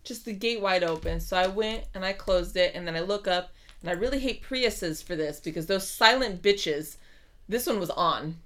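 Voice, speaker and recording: Animated, laughing woman telling stories. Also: medium pitch, moderate pace. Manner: animated storytelling, swears, laughs often. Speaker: podcast co-host. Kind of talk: casual chat.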